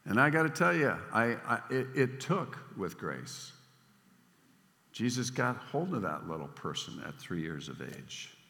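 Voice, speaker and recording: An older man preaching a sermon in a storytelling manner, swinging between emphatic lines and hushed ones. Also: medium pitch, sing-song, a little slow, creaky. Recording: long hall reverb.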